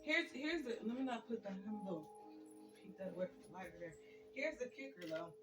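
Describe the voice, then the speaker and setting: A woman's voice: mid-range voice, expressive, a little fast, over music. A woman ranting in a casual spoken monologue, swearing freely and tossing in "right?" again and again. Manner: profane, ranting, keeps asking "right?". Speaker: online spiritual speaker.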